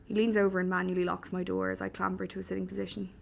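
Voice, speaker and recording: A woman's voice: on the low side, level tone, racing, vocal fry, slight background noise. A woman reading a first-person story with dry humour. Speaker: audiobook narrator.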